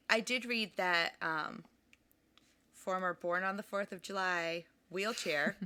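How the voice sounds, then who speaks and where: A woman co-hosting a podcast chats casually about a book and its film, laughing often and trailing off mid-sentence. Her mid-range voice sounds pushed and bright.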